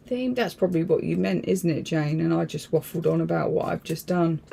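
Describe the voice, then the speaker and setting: A woman's voice: low voice, brisk, vocal fry, hardly any pauses, mellow, a little hiss or hum. A woman hosting a casual crafting livestream, rambling and thinking aloud in a chatty, self-deprecating way.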